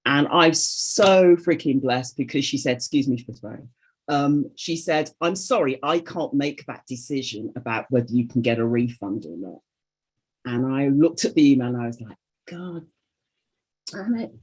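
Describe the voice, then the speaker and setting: A woman's voice: rumbling low, moderate pace, breathy edge. A woman calling in to a group coaching call over video, candidly sharing a personal story and acting out her own inner voices.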